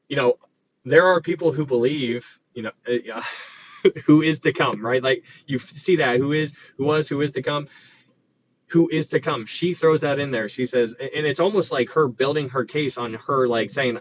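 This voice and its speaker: A man's voice: a little high, moderate pace. Man teaching scripture, dull lo-fi sound. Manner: conversational, thinks aloud with restarts, reads verses aloud. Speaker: Bible teacher. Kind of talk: casual Bible study teaching. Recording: dull lo-fi recording with faint noise.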